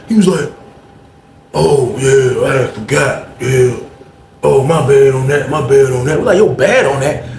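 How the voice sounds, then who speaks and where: A man casually telling a story, animated and acting out the people he quotes in a higher voice. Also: normal speed, creaky. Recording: echoey room with faint noise.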